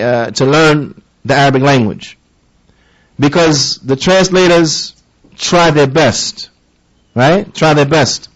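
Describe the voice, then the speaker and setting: A man's voice: on the high side, rough recording. A man giving a sermon-style lesson, emphatic and repetitive, often checking in with his listeners with rhetorical questions. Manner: emphatic, repeats key phrases, asks listeners rhetorical questions. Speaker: religious teacher.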